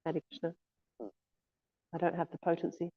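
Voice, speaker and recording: A woman gives a relaxed scripture class, pausing often with soft fillers as she gathers her thoughts. Her voice stays fairly flat and even in pitch. The audio is thin and phone-like. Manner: hesitant, frequent "um" and "yeah" fillers. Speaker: guest speaker giving a scripture class. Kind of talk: informal scripture class talk. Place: temple class room.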